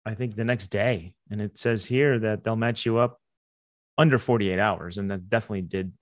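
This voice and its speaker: A man co-hosting a comedy podcast, speaking casually and playfully, including a relaxed ad read. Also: on the low side, normal speed, dry recording, studio quality. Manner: laid-back, playful ad read. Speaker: podcast co-host.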